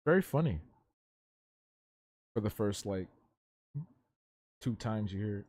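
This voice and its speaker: A man's voice: lowish voice, expressive, slow, darkish tone, dry recording, clean studio sound. Man chatting casually on a live stream. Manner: loose slangy banter, reading and answering chat. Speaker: livestreaming artist. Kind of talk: casual live-stream chat while drawing.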